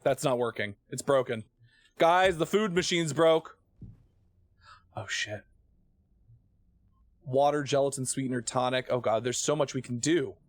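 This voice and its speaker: A man streaming a video game, chatting and joking excitably, easily startled. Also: medium pitch, measured pace, pauses often, no echo. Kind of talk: live game commentary.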